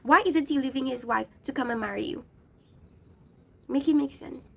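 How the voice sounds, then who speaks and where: A young woman with a high voice and a gravelly edge, ranting through a reality show review. She scolds bluntly and talks straight at the people she criticizes. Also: moderate pace, darkish tone. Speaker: reality TV recap vlogger.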